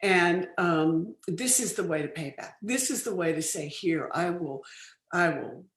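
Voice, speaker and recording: An older woman, a film producer, chatting as an interview guest, telling lively stories with many restarts. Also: on the low side, a little slow. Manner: lively anecdotal storytelling, frequent laughs and restarts. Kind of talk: casual interview chat. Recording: roomy studio sound.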